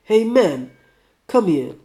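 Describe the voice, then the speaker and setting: A man voicing a bitter, sickly male metalworker under forty in a put-on Russian accent, loud and snappish. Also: high voice, a little slow, voice pushed up. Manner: snappish, raised, belligerent.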